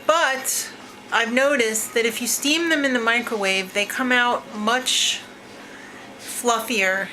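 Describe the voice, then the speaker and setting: A vlog host chats casually at home, first in her kitchen and then out in a yard, laughing often and reacting with exaggerated disgust. Her voice is fairly high with a sharp tone, and the home video is noisy.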